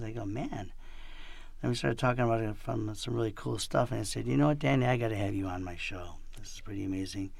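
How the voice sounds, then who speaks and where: A man's voice: lowish voice, gravelly, a little mellow, no echo. A man from upstate New York hosting a casual comedy podcast, loose and playful, laughing often and trailing off with fillers. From Rochester, New York. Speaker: podcast host.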